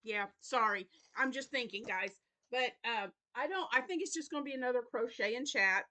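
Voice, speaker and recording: A woman with a light Southern US accent and a bright, fairly high voice rambles through a casual update about her week. She is tired and yawning, filling pauses with ums and apologies as she thinks aloud. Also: expressive. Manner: rambling, chatty, with many fillers and apologies. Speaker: crochet channel host. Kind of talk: casual weekly update vlog.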